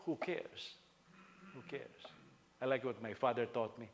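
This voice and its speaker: A male senior pastor preaching a sermon, telling stories with sudden loud bursts of emphasis. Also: medium pitch, normal speed.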